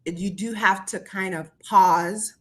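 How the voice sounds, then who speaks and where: A woman speaking as a panelist in a talk show, measured and hesitant with many ums. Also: mid-range voice, steady tone, fairly bright tone. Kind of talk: casual panel discussion.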